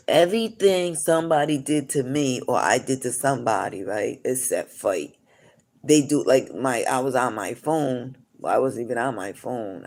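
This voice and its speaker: Casting: gravelly-voiced man, live-stream storyteller who rambles and digresses. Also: mid-range voice. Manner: rambling, full of "you know" asides.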